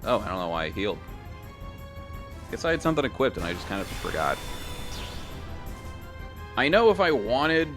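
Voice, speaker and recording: A man giving casual, joking commentary while he plays a video game, laughing often and reading the game's dialogue aloud. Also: fairly low pitch. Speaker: gaming streamer. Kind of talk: casual let's-play commentary.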